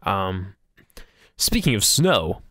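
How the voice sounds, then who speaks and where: A man's voice: low voice, big pitch swings, extremely slow, pushed and bright, dry recording, clean studio sound. A man co-hosting a podcast, telling rambling stories in casual chat, laughing often and swearing casually. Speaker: podcast co-host.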